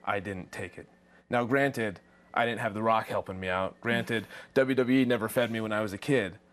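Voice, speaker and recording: A professional wrestler in an interview, talking in an earnest, emphatic way. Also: male voice, on the low side, normal speed. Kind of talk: backstage interview.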